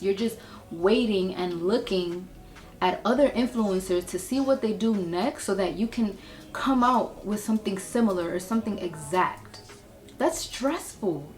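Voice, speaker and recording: A young adult woman talking candidly to camera in a casual vlog, chatty and open, moving between reflective and excited. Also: medium pitch. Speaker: beauty and lifestyle creator.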